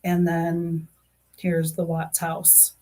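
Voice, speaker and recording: A woman streaming live, talking in a loose, rambling way packed with "um" and "you know". Her voice sits a little low for a woman. She sounds earnest and emotionally invested as she chats. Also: completely flat delivery, very slow, warm tone. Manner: rambling, heavy fillers and restarts. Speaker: YouTube true crime streamer. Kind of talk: casual live-stream chat.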